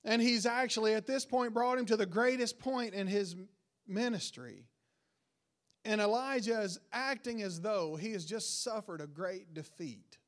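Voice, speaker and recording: A man preaching a sermon, retelling a Bible story with rising emphasis and quiet, dropped line endings. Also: high-pitched, unhurried.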